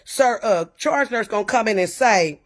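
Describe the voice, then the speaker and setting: A woman's voice: a little high, animated, moderate pace. A woman tells her viewers a personal story in loose, colloquial speech. She is emphatic and indignant, and she swears now and then as she presses each point. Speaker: vlogger telling a personal story.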